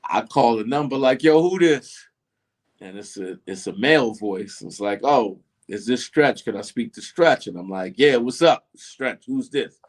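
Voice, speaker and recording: A man's voice: mid-range voice, moderate pace, few pauses. A middle-aged man telling a story in a casual interview, acting out the voices of the people in it. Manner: animated, acts out voices in his story. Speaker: interview guest.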